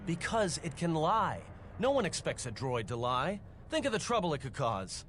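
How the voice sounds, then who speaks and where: A man's voice: on the high side, big pitch swings, normal speed, background noise. A man reading a worried ally's lines from a game, questioning and doubtful.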